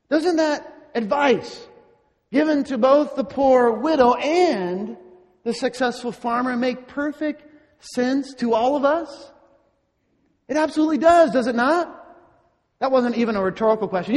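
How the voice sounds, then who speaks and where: High-voiced preacher in a reverberant hall. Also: male voice, expressive, a little mellow. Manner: slow, deliberate preaching with rhetorical questions. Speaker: pastor. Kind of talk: sermon. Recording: long reverb in a large hall.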